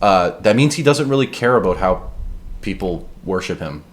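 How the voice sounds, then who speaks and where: A man's voice: sits low, expressive, normal speed. A man co-hosting a casual religious discussion podcast, building his arguments in long run-on chains. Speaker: podcast co-host.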